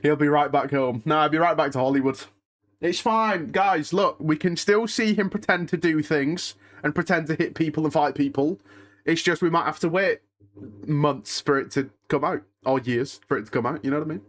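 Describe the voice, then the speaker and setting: Reading and responding to chat during a live watch-along, a young host talks casually with his viewers. He's restless and emotional, sighing a lot and muttering to himself, and his voice is on the high side and brisk.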